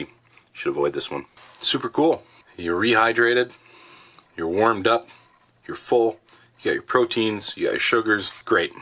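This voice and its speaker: A man casually reviewing military rations in his basement, chatty and relaxed with plenty of fillers. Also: on the low side. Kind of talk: casual food review vlog. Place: home basement.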